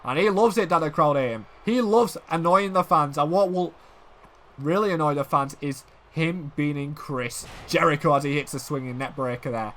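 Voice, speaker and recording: A man provides excitable commentary on a wrestling video game at a moderate pace, his voice falling to murmurs and then climbing to shouts as the action unfolds.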